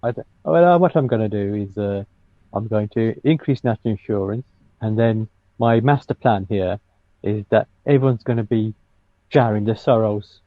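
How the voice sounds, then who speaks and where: A man bantering on a podcast, loose and jokey, with quick jumps into squeaky comic voices. The recording is a little dull and lo-fi, with a dry, close sound. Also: dry recording. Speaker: podcast co-host and comedian. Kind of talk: casual banter.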